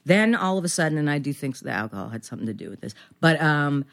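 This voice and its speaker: A woman's voice: low-pitched, animated, fast talker. Rambling self-deprecating woman in her fifties. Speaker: guest actress. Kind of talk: casual podcast interview.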